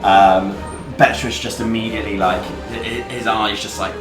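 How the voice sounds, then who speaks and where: A man's voice: fairly low pitch, fairly even intonation, moderate pace. A man running a tabletop game, narrating loosely and casually with frequent laughs and offhand swearing. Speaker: game master. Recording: roomy, off-mic, music behind.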